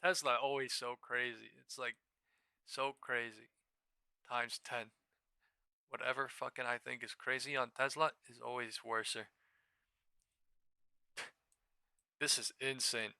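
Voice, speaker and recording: A man casually commenting on stock charts during a live trading stream, excitable and profane, thinking aloud as he goes. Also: mid-range voice, a little slow, gravelly, long pauses, smooth, no room sound.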